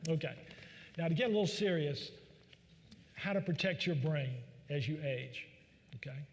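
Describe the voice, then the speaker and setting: A man's voice: fairly high pitch, moderate pace. A man, a doctor, giving a joking, folksy public talk full of fillers in a large church hall. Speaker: physician speaker. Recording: long reverb of a large hall.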